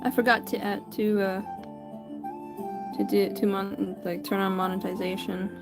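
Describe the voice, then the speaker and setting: A woman's voice: mid-range voice, level tone, moderate pace, over music. A woman chatting casually with viewers while drawing on a livestream, greeting people by name and often stumbling and correcting herself. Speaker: livestreaming artist.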